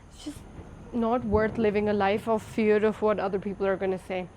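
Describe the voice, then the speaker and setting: A woman's voice: a little high, darkish tone, slight background noise. A woman in her twenties giving frank, chatty life advice to camera in a big-sister tone. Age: 20s. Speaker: lifestyle vlogger. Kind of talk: casual advice talk to camera.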